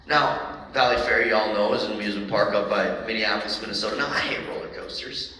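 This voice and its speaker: A man who is a motivational speaker, telling a story to a live audience in an animated way and acting out the voices. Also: fairly low pitch, fast talker, slight background noise. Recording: echoey hall from a distant mic.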